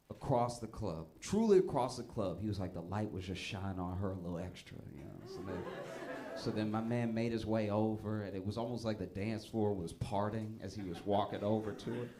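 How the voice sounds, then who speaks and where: A man doing a stand-up comedy set, telling stories with a laugh in his voice and breaking into loud, high punchlines. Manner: animated storytelling, often laughing, jumps to loud high punchlines.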